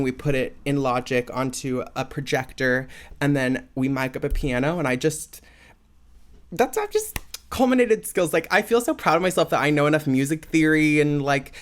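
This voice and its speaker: A young man hosting a podcast on his own, talking in a rambling, casual way with lots of "like" and "um". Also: mid-range voice. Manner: chatty, rambling, many "like" and "um" fillers. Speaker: podcast host. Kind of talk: casual solo podcast chat.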